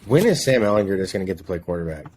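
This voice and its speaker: A man's voice: sits low, lively intonation, racing, a little mellow, a little hiss or hum. A man hosting a casual sports podcast, joking as he reads through the weekend's game picks.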